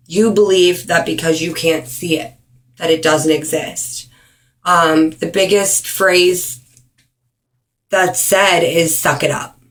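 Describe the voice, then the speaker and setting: Earnest woman talking to her camera, kinda low voice, lots of ums, slows way down to stress a point. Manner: earnest, frequent ums, speeds up and slows down for emphasis. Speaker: vlogger. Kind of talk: earnest direct-to-camera awareness talk.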